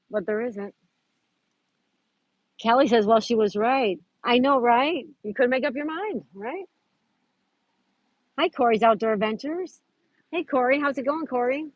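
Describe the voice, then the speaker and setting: A woman hosts a relaxed live stream from a park and reads viewer comments aloud in an easy, chatty way. She greets people by name and laughs often. The sound is close and dry, with the dull, narrow tone of a phone stream. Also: a little high, a little slow, pauses often, no room sound. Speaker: livestream host. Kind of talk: casual live chat reading viewer comments. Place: outdoors at a park.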